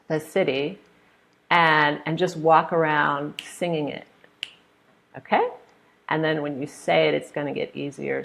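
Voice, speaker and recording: An American woman leads a live online pronunciation class from a hot room, patiently modeling intonation through examples. Her voice is deep and creaky.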